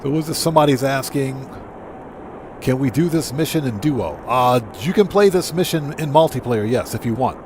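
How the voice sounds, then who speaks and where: A man's voice: medium pitch, animated, normal speed, background noise. A man live-streaming a game, chatting casually, greeting new subscribers and reading viewers' messages aloud. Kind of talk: live gameplay commentary.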